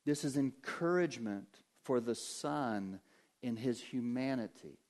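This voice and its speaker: A man preaching a sermon as pastor, rising to emphatic peaks and dropping to hushed, low passages. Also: animated, unhurried.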